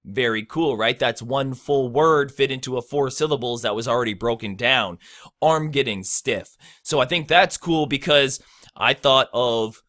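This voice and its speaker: Bright-toned male tutor, loose conversational delivery, breaks rhymes into syllables. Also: medium pitch, normal speed. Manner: breaks words into syllables, chants rhythms; loose and conversational, many fillers. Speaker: rap tutorial host. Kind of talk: casual instructional talk.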